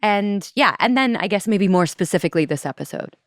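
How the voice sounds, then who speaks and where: A woman's voice: medium pitch, lively intonation, a little fast, no echo, clean studio sound. A woman co-hosting a podcast, upbeat and asking eager questions. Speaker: podcast co-host. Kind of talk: casual podcast chat.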